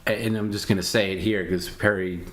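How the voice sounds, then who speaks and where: A man with a fairly low voice talks in an even, patronizing tone. He scolds and mocks someone calmly, like a casual live-stream co-host. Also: normal speed. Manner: mocking, scolding, calmly needling.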